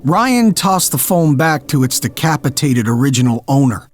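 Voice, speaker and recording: A man narrating a scripted horror story in a measured, darkly dramatic way. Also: medium pitch, very animated.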